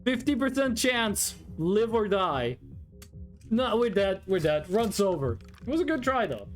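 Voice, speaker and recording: Young adult, streamer, casual rambling chat, frequent swearing, very expressive pitch, soft music in background. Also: measured pace. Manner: rambling, animated storytelling, swearing.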